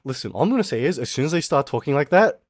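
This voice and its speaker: A man from Australia, streaming and ranting through a casual story in an animated, profane way. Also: on the high side, racing. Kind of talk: casual ranting livestream chat.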